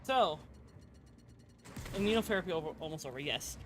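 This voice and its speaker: A woman's voice: lowish voice, lively intonation, brisk, soft background music. A woman streaming a video game who chats casually with her audience, rambling, swearing freely and laughing often. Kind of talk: casual live-stream chat.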